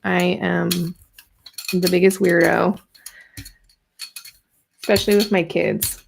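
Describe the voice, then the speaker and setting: A woman in her thirties hosts a relaxed craft livestream, rambling and playful as she greets viewers. Her voice has a gravelly fry to it. She talks at an unhurried, slow pace. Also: on the low side, slight background noise. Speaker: art journaling livestream host. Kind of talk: casual livestream craft demo.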